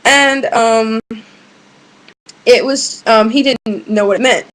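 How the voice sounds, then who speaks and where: Venting to her webcam, a young adult vlogger rambles casually, stopping and restarting sentences and filling gaps with ums. Her voice is a bit high, slow and slightly bright, and the poor audio sounds like a webcam mic in a room at home.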